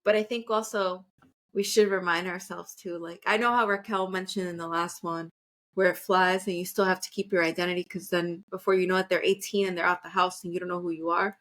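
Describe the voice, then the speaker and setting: A woman's voice: lowish voice, level tone, a little fast, fairly bright tone. A woman co-hosting a podcast in casual chat, talking in a reflective, rambling way with many fillers. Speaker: podcast co-host.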